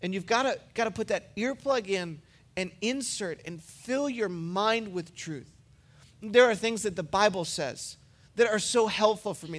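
A man's voice: high-pitched, fairly bright tone. A man and pastor giving a sermon, preaching in a casual, storytelling way.

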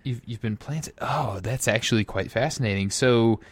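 A man's voice: mid-range voice, normal speed, slightly rough, no echo. A man hosting a lighthearted comedy podcast, playfully interviewing a guest and stammering through his questions. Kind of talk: casual comedy podcast chat.

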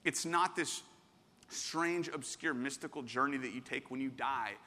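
A man's voice: medium pitch, unhurried, sharp tone. A man preaching a sermon as pastor, conversational and self-interrupting, with sudden bursts of emphasis. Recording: long hall reverb.

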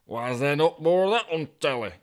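A man's voice: fairly high pitch, animated, fairly quick, voice pushed up, lightly acted. A man voicing a lazy, contented slob stuck in a sofa, drawling.

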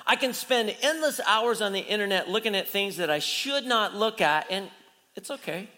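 A male pastor in full sermon mode, retelling a story and acting out the people in it, with constant rhetorical questions. His voice sits high and rings bright and clear. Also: lively intonation, moderate pace, in a large hall.

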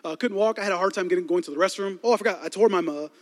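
A man's voice: high voice, rapid-fire. A man, a youth pastor, telling a story with lots of humor and energy during a sermon in a church. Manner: animated, lively storytelling with laughs. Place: large church auditorium. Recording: long reverb of a large hall.

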